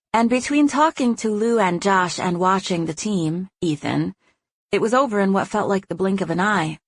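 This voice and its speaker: A woman's voice: medium pitch, dry recording. Woman narrating a first-person romance audiobook.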